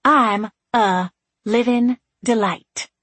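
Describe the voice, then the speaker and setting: A woman voicing a sarcastic, stubborn young woman who talks in a sharp, sardonic way. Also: mid-range voice, no echo. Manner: sharp, sardonic, quick to snap.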